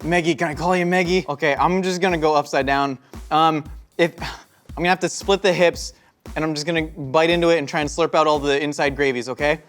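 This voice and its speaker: A man's voice: a little high, brisk, soft background music. A young man hosting a cooking show, joking with his crew as he demonstrates a recipe. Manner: jokey, excitable, talks to the crew.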